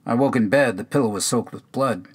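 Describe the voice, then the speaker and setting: A man's voice: medium pitch, fairly quick, breathy edge, lightly acted. A man reading as a quavering, bewildered old hermit. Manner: quavering, proud, sing-song retelling. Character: angry, bewildered old male cabin-dweller. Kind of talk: poetry reading.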